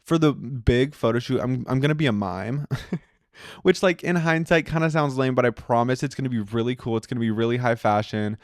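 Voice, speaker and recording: A man's voice: mid-range voice, brisk, no room sound, clean studio sound. A young American man hosting a podcast, talking casually and playfully with many fillers. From United States. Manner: chatty, lots of "like" fillers, playful and giddy. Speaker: podcast host. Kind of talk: casual solo chat.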